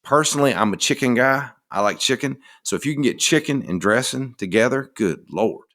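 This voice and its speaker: A man's voice: medium pitch, lively intonation, fairly quick, a bit bright. A middle-aged man with a Southern American accent, talking in a folksy, rambling and enthusiastic way as a podcast host. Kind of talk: casual monologue.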